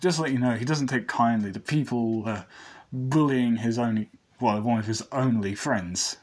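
A laid-back blind teenage boy, as a man reading a fan story puts him on, rambling and correcting himself in a relaxed, husky voice. It sounds like the reader's own everyday speech. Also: medium pitch, normal speed, lightly acted. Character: blind teenage boy, easygoing, fond of his friend.

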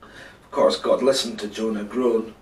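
Brief: man, slow and playful bedtime storyteller, roomy sound from off mic. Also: lowish voice, level tone, far from the mic. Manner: chatty, playful, talks to listener.

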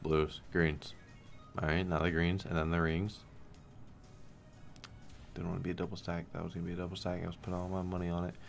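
A man's voice: deep voice, completely flat delivery, a little fast, creaky, pauses often, faint music behind. A young man streaming slot games, talking casually to the game and his viewers, swearing, pleading and sarcastic. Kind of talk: casual gambling stream commentary.

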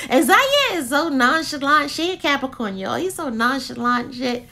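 A woman's voice: high-pitched, normal speed, hardly any pauses. A woman reviewing a candle in a casual, slangy vlog full of laughs. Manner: animated, slangy, laughs often.

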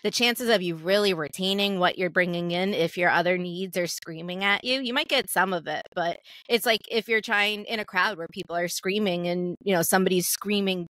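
A woman co-hosting a podcast, talking candidly in a casual, lively way. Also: lowish voice, brisk, hardly any pauses, dry recording. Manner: candid, lively, laughs easily.

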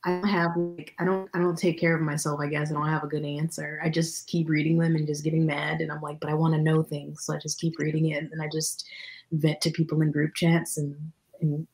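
A woman's voice: sits low, level tone, a little fast, a little mellow, faint music behind, poor audio. A woman hosting a casual online book club, speaking candidly, wandering through her thoughts and laughing at herself. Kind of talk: casual video call book discussion.

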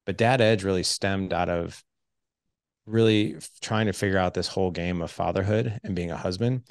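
Podcast guest: a deep, gravelly man in his forties, animated storyteller, dry close sound. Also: moderate pace, no echo. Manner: animated storyteller acting out quoted dialogue. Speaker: podcast guest, fatherhood coach. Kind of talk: storytelling in casual conversation.

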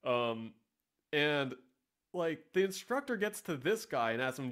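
A man hosts a casual vlog and keeps up a rambling, sarcastic running commentary. His voice sits a bit high, and he swears freely. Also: big pitch swings, a little slow, fairly bright tone. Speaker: vlog host. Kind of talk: casual commentary reading ads.

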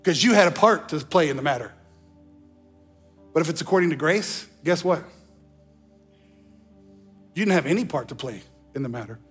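A man preaching a sermon as pastor, animated, slowing down to stress key phrases and slipping into mock voices. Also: fairly high pitch, husky, faint music behind. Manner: slows down for emphasis on key phrases. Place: church sanctuary.

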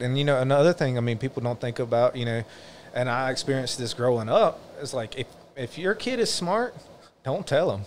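A man's voice: mid-range voice, slight background noise. A man hosting a podcast, talking in a reflective, earnest way in casual conversation. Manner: reflective, earnest, drawn-out musing. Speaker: podcast host.

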